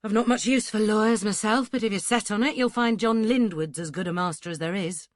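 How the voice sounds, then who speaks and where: A woman's voice: medium pitch, a little fast, no room sound, studio quality, voice pushed up, natural voice. A woman doing a blunt northern farmer. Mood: dry amusement. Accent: northern English. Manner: blunt, teasing questions. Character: gruff wry northern English farmer man.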